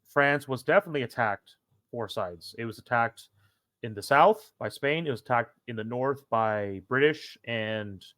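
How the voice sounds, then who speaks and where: A man's voice: medium pitch, animated, moderate pace, a bit bright, no room sound, clean studio sound. A young man co-hosting a casual history podcast, a former teacher who rambles with many restarts and self-corrections. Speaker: podcast co-host.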